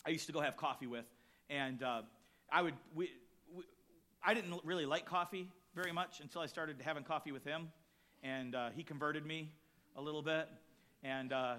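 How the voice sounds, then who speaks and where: Male pastor, high bright voice, animated storyteller, shifts from near-shouts to hushed lines. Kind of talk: sermon with personal story.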